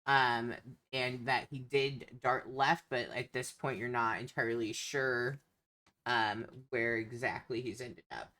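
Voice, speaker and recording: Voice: medium pitch, bright, forceful tone. A game master narrating a tabletop game, hesitant and full of filler sounds.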